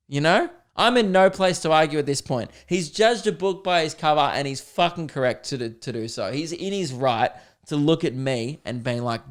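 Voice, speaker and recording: A young man hosting a podcast, telling a comedic story in a casual, animated, self-deprecating way, with plenty of swearing. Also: a little high, normal speed, few pauses. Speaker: podcast host.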